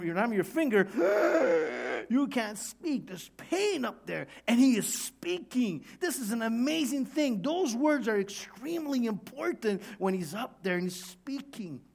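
High-voiced preacher swinging loud to hushed. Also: male voice. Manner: dramatic preaching, swinging from shouts to hushed tones. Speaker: pastor. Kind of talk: sermon.

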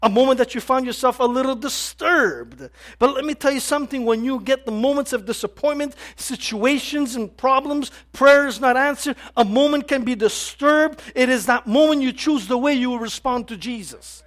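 Male pastor with a very high voice. Delivers an impassioned sermon with halting restarts and sudden loud emphasis.

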